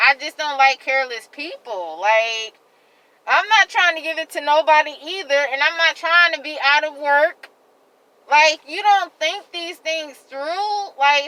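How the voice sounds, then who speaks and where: A woman vlogger venting to her viewers in a heated, rambling rant, repeating herself and filling every pause with "like.". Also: high voice, bright, forceful tone, low-quality recording. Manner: heated, repetitive rant full of "like". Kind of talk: venting monologue to camera.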